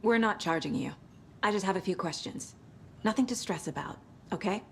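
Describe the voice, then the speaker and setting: A woman voicing a calm, methodical female federal agent questioning witnesses in a video game. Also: mid-range voice, normal speed, a little hiss or hum, lightly acted. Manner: calm, level, reassuring.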